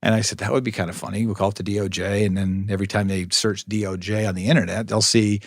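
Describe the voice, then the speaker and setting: A man's voice: lowish voice, level tone, fast talker, no echo. A middle-aged man, a police officer being interviewed, telling long anecdotes with dry humor and lots of restarts. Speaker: police public information officer, guest. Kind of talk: storytelling interview.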